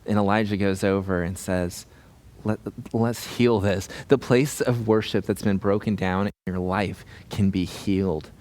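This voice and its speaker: Animated man preaching a sermon. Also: sits low, moderate pace, hardly any pauses. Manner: animated, acts out voices in retelling. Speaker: pastor.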